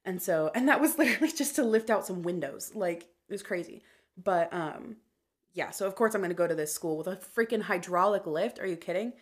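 A woman's voice: lowish voice, lively intonation, brisk. A woman in her twenties, a podcast guest chatting casually and telling stories full of "like". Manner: chatty storyteller, fills speech with "like". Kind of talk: casual chat. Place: podcast recording.

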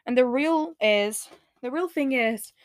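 A young woman hosting a casual solo podcast, ranting loudly with swearing and sudden screams while tidying her room. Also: sits high, a little slow. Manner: swearing, loud outbursts and screaming. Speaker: podcast host.

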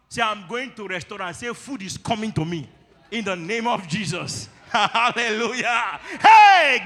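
A man preaching a sermon as lead pastor, leading call-and-response and building to shouts. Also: sits high. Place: church hall. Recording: long reverb of a church hall.

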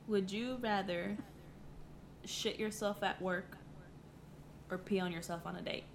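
A young woman co-hosting a casual podcast chat, swearing freely and telling stories with lively energy. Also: medium pitch, a little slow, gravelly, a little hiss or hum. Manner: profane, animated storyteller. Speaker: podcast co-host.

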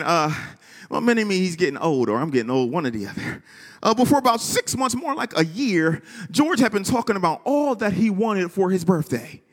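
A man's voice: high-pitched, fairly bright tone, in a large hall. A man preaching a sermon with rhythmic repetition, calling on the congregation to respond. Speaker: pastor.

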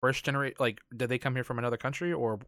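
A man hosting a casual chat, easygoing and curious, thinking out loud as he talks. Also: medium pitch, fairly even intonation, very fast, no room sound, studio quality.

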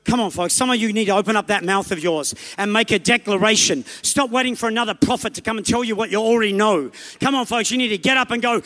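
A man preaching a sermon, emphatic and exhorting, pressing his listeners in quick bursts. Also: high voice, sharp tone, in a large hall.

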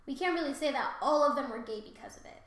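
A woman's voice: sits high, fast talker, fairly bright tone, heavy reverb. A woman co-hosting a podcast in casual chat, loose and profane, laughing often. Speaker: podcast co-host.

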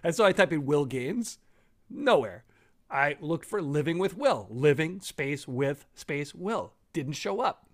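Lively, laughing podcast host man. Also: a little high, a little slow. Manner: chatty, laughs often, animated. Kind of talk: casual podcast chat.

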